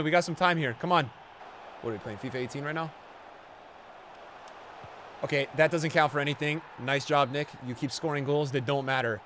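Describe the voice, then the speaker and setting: A man streaming live gameplay commentary, sarcastic and bantering and often yelling at the game. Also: a little high, a little hiss or hum. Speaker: gaming streamer.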